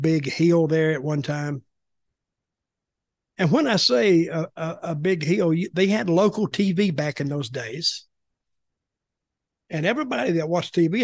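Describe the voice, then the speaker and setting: Older man, casual chat, rambling with restarts, slightly higher pitch. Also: no room sound, clean studio sound. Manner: rambling storyteller, repeats words as he goes. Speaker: podcast co-host, former wrestling commentator.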